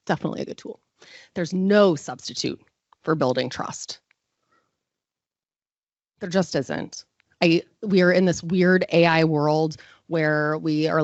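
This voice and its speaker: A woman's voice: fairly low pitch, a little mellow, no room sound, lo-fi sound. A woman giving a live conference talk, chatty and self-deprecating, full of fillers. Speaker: conference presenter.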